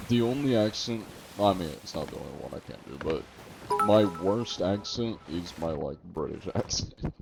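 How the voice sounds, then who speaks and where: A man's voice: low voice, darkish tone, slight background noise. A man streaming a game live, chatting casually, reading viewer messages aloud and laughing often.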